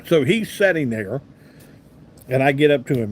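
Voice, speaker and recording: A man's voice: mid-range voice, animated, normal speed, slightly rough. Chatty man in his fifties telling stories. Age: 50s. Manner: chatty, rambling anecdotal delivery with asides to viewers. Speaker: radio talk show host. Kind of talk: casual live-stream storytelling, reading chat comments.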